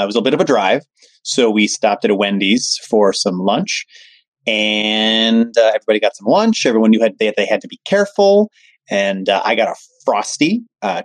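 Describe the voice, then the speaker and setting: A man, a workshop facilitator, telling a casual funny story with many filler pauses. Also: on the low side, no room sound. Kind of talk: casual anecdote.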